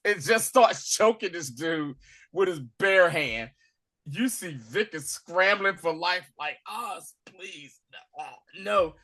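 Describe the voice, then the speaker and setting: A man hosting a casual recap, acting out scenes with slang and swings from loud to hushed. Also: sits high, animated, slow pace. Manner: acts out scenes in dramatic voices, swinging from shouting to hushed; profane, street slang. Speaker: podcast host recapping a TV episode.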